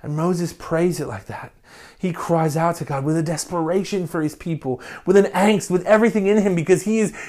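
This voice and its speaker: A man, a pastor preaching a passionate sermon that swings from quiet reflection to loud appeals. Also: a little high, brisk. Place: church recording during lockdown.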